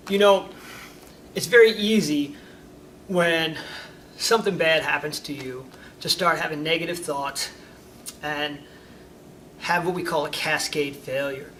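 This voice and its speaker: Animated karate instructor, high and bright. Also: male voice. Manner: animated storyteller, acts out examples. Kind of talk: informal talk to students. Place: karate school. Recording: distant mic, faint background noise.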